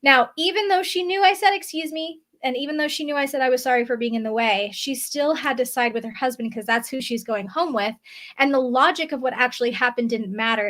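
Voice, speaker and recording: A woman vlogger talking casually to camera from her desk, often checking in with a quick "right?". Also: a little high, a bit bright. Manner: chatty, often tags on "right?". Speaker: spiritual vlogger. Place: indoors at a desk.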